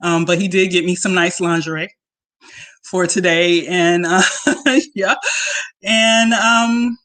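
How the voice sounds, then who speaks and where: A woman's voice: on the low side, a bit bright. A woman in a casual live-streamed chat, giggly and trailing off, on a video call.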